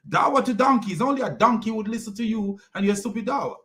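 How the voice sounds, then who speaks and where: A man's voice: sits high, a little fast, a bit bright. Mocking man ranting in commentary. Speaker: commentary host. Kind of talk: reaction commentary on clips.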